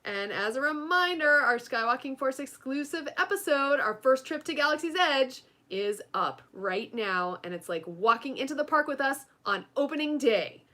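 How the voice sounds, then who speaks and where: A woman co-hosts a casual podcast and rattles off plugs and thank-yous. Her voice is bright and forward, with pitch that leaps around animatedly. She sounds upbeat and eager. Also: normal speed, hardly any pauses. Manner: upbeat, lively promotional delivery. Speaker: podcast co-host. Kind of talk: casual podcast outro and sponsor reads.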